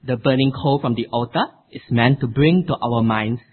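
A man preaching a sermon with an emphatic, expressive delivery. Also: mid-range voice, normal speed, breathy edge. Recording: tinny phone-like sound.

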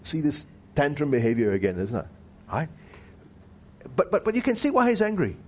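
Animated man teaching a Bible passage. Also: on the high side. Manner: asks the listeners frequent rhetorical questions; emphatic, slows down to stress key words.

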